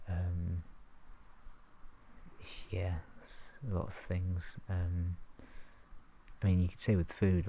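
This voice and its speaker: A man talking in a relaxed, rambling way about self-awareness, laughing softly and acting out his inner thoughts. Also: deep voice. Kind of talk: relaxed casual monologue.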